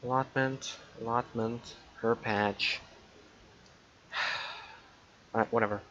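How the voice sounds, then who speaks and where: A man's voice: mid-range voice, steady tone, slow pace, bright, forceful tone, slight background noise. Irritable swearing man, lo-fi mic. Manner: swears a lot, irritable muttering. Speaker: gameplay commentator. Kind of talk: casual let's play commentary.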